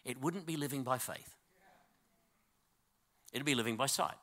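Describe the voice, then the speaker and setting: A man preaching a sermon in a church, swinging from loud, drawn-out exhortation to quiet, close talk and calling on the congregation to respond. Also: mid-range voice. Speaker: pastor.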